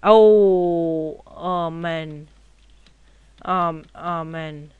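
A young man giving casual gameplay commentary at his computer, rowdy and swearing, often yelling at the game. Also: fairly high pitch, steady tone, drawn-out words, smooth, no room sound, phone-quality sound. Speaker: gaming commentator.

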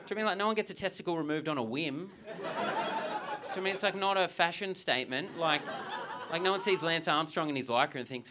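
A man's voice: fairly high pitch, expressive, brisk. A young Australian man performing stand-up comedy on a theatre stage, telling stories in a chatty way full of "like" and "right?" asides. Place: theatre comedy club with a live audience. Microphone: stage microphone. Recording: live stage recording with audience noise.

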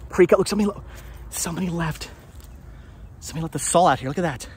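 A man with a slightly raised pitch talks casually to his viewers as he walks outdoors. His delivery is rambling and chatty, full of asides and questions for the audience. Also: breathy edge. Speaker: vlogger. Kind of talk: casual walking vlog. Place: outdoors on a hilly tree farm.

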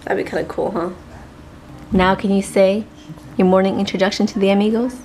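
A woman's voice: medium pitch, flat delivery, a little fast, darkish tone. A woman, a mother chatting playfully in a daily vlog and dropping in Spanish phrases. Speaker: vlogger and mother. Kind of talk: casual daily vlog chat.

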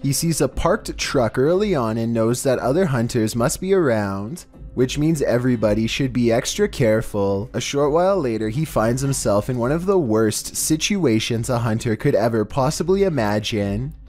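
Man narrating creepy clips, measured. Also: mid-range voice, lively intonation, darkish tone, faint music behind. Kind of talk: scripted narration.

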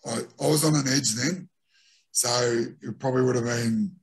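A middle-aged Australian man, once a rugby league player, recounts stories from his playing days in a relaxed interview, acting out what his teammates said. His husky voice sits at a medium pitch and moves at a moderate pace, and his anecdotes are animated.

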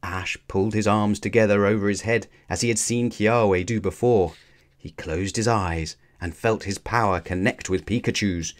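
This is a storybook reader, a man whose voice sits somewhat low, narrating an adventure tale for kids with measured expressiveness.

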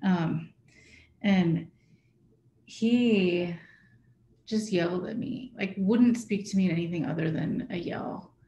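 A woman's voice: fairly low pitch, slow pace, long pauses, mellow, highs cut off. Conversational woman presenting in an echoey room. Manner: conversational, checks in with listeners. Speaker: workshop presenter. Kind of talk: presentation to a live audience.

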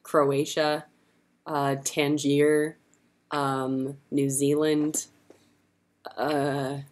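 A woman's voice: low voice, little pitch movement, drawn-out words, darkish tone. A young woman hosting a casual livestream Q&A, chatty and giggly as she answers fan questions. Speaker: livestream host.

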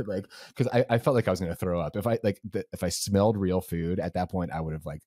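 A man's voice: deep voice, fast talker, few pauses, mellow, no room sound, studio quality. A young man co-hosting a podcast, telling a race story casually and rambling with lots of fillers. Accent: Southern US. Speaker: podcast co-host.

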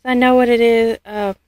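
A woman vlogging an unboxing, gushing and halting, often losing her words. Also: on the high side, a little mellow, no echo. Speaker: vlogger unboxing a reborn doll. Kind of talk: casual unboxing vlog.

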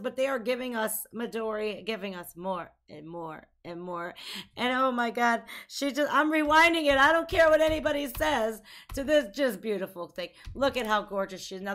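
Gushing high-voiced woman reacting to music. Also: a bit bright. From United States. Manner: gushing, exclamatory, fangirling. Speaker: reaction video host. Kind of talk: excited music reaction chat.

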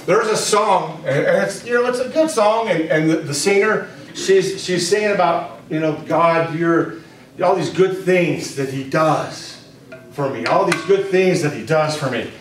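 A man giving a spiritual teaching to a small group, speaking deliberately and repeating key phrases for emphasis. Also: fairly high pitch. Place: room with a live audience. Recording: very echoey room, distant mic, faint noise.

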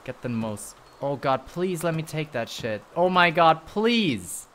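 A man streaming a game live, commenting excitedly, swearing often and talking to his chat. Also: on the high side, measured pace, slight background noise. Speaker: livestreamer.

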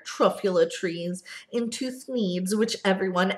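Teacher lady reading a kids book out loud, real slow, kinda echoey room. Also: medium pitch. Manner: slow, expressive storybook reading. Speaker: first grade teacher. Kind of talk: reading a picture book aloud.

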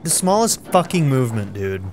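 A man's voice: medium pitch, sing-song, a little fast, noisy background. A man casually commenting on his own gameplay, exasperated, swearing and laughing at the game. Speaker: let's play gamer.

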